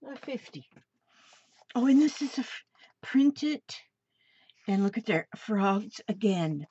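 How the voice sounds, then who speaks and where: A woman's voice: medium pitch, animated, slow pace, long pauses, warm tone, breathy edge. An older woman opening mail on her crafting vlog, gushing and gasping with delight over each item in a casual chat. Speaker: crafting vlogger. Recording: dull lo-fi home recording.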